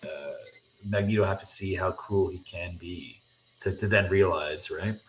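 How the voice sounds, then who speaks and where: A man's voice: low voice, fairly bright tone, slight background noise. A man co-hosting a podcast in casual chat, often chiming in with agreement and jumping in with questions. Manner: chatty, quick to agree, jumps in with questions. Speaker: podcast co-host.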